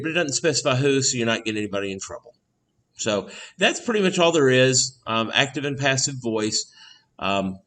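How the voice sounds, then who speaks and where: A male teacher giving a recorded mini-lesson, explaining plainly with frequent uh and um fillers and the odd throat clearing. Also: mid-range voice, fairly bright tone.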